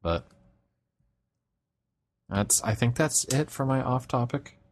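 A man's voice: mid-range voice, animated, takes it slowly. A young man chatting casually on a podcast, rambling with many restarts and fillers. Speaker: podcast co-host. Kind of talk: casual chat.

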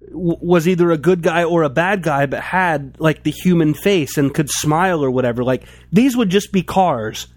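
A man's voice: high voice, darkish tone, no echo. A man in casual chat about toys, rambling with many restarts and filler words. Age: adult, toy collector since childhood.

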